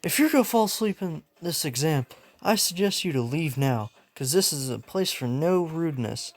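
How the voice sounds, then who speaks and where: A man voicing a strict, stiff young male student who scolds in a prim, high tone. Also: expressive, moderate pace. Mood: scolding.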